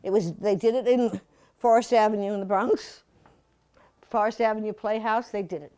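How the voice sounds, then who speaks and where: A woman's voice: mid-range voice, fairly even intonation, normal speed, a little mellow, smooth. A woman in her seventies giving a chatty, playful slide-show talk to a museum audience, full of asides and laughter. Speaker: guest speaker at a museum talk.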